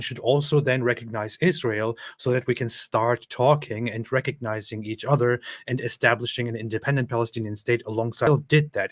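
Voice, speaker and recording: A man hosting a reaction commentary, talking in a conversational way with fillers and restarts. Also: medium pitch. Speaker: commentary channel host.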